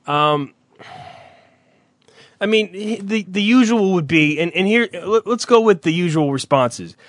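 A man's voice: sits high, expressive, unhurried, no room sound, studio quality. A young man in casual chat who rambles through stories, swears freely and acts out other people's voices.

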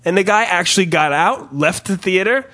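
Animated male podcast host, profane storyteller with a bright, high voice. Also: normal speed. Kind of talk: casual chat, storytelling.

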